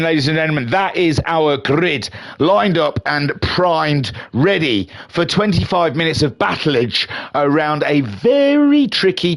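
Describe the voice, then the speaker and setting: A man giving playful, jokey live commentary on a sim racing league from home. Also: fairly high pitch. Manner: playful, jokey, builds to excited shouting at the start. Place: home room.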